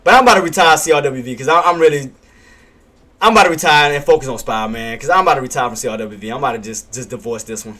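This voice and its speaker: A man's voice: mid-range voice, rapid-fire, pushed and bright. A man hosting a live day-trading stream, walking viewers through price levels. He repeats himself, asks questions and answers them, and punctuates his calls with "bam" and a chuckle. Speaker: day-trading livestream host. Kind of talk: live market commentary.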